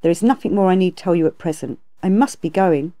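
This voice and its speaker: A woman voicing a calm, compassionate female bodhisattva in a storybook reading, speaking in a measured, gracious way. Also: on the low side, lightly acted.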